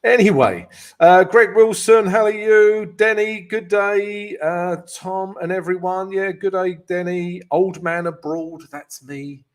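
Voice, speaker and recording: A man's voice: sits high, slow. Upbeat British man hosting a trading stream. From Britain. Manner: chatty and upbeat, greets viewers by name; explains chart analysis with frequent fillers. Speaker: trading coach and live stream host. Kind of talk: live stream chat and market analysis.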